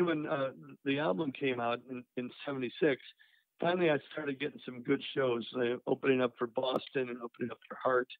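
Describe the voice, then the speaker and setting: A man's voice: mid-range voice, no room sound. Older man telling stories over the phone. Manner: rambling, lots of "you know" and "uh". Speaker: musician guest. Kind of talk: casual storytelling interview. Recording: dry, tinny phone-line sound.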